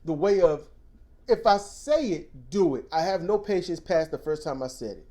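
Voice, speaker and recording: A man co-hosting a casual discussion, telling stories in an animated way and breaking into loud mocking quotes. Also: on the high side, moderate pace. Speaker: podcast co-host.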